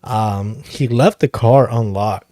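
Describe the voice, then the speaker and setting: A man's voice: fairly low pitch, slow, mellow, no echo, studio quality. A young man hosting a podcast, telling a story in a laid-back, casual way, swearing freely and chuckling now and then. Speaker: podcast host.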